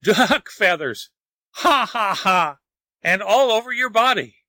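A man's voice: high voice, lively intonation, moderate pace, pushed and bright, no echo, exaggerated voice. A man voicing a storybook neighbor who laughs at and teases his visitor. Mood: mocking. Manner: laughing, teasing. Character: amused, mocking neighbor man.

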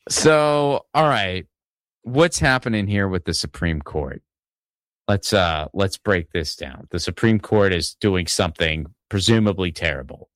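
This podcast host from Pittsburgh, Pennsylvania talks politics casually in a low, expressive voice that's fairly bright and unhurried. His delivery is profane and meandering, packed with restarts and side comments, captured in clean studio sound with no room echo.

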